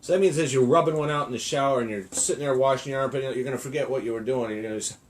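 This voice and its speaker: A man's voice: medium pitch, rapid-fire. A middle-aged man co-hosting a podcast, teasing his partner with crude jokes. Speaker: podcast co-host. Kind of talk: casual comedic banter.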